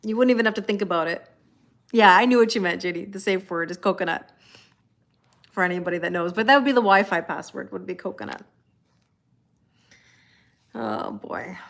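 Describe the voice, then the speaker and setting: A woman's voice: mid-range voice, animated, normal speed, creaky, long pauses, a bit bright. A woman hosting a live tarot stream, chatting casually with viewers, joking and greeting them by name.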